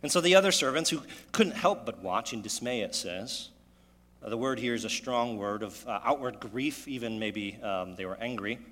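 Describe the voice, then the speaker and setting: A man preaching a sermon, animated and full of rhetorical questions, his voice echoing in a church hall. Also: mid-range voice, moderate pace. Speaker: pastor.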